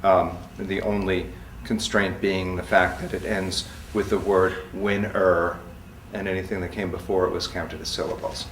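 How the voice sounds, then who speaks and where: A man with a low voice explains his poetry slowly and carefully. He sounds distant from the mic, in a room with plenty of echo. Faint background noise hangs under his words. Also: level tone, a bit bright. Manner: slow, measured explaining, then chanted word lists. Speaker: poet. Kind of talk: talk and poetry reading.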